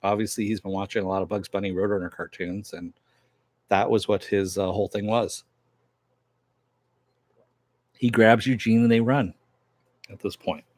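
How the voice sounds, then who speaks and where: A man's voice: on the low side, steady tone, fairly quick, dry recording. A man reviewing a TV episode, casually retelling the plot in a loose, rambling way and chuckling now and then. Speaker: TV series reviewer.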